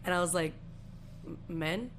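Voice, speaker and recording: Speaking at normal speed over slight background noise, this woman in her twenties has a lowish voice. She co-hosts a podcast and tells a story in casual, profane slang; her family is Puerto Rican.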